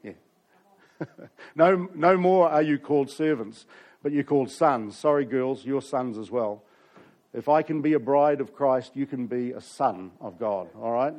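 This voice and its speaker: A man's voice: medium pitch, a little slow, darkish tone. A pastor, preaching a sermon and telling a story with asides to his congregation.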